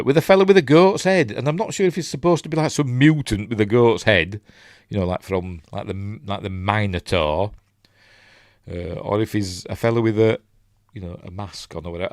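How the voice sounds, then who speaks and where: This film reviewer from Yorkshire, England, has a fairly low, somewhat mellow voice, recorded dry at studio quality. Hosting a casual breakdown of a film, he reads live chat aloud and rambles chattily, frequently losing track of where he was.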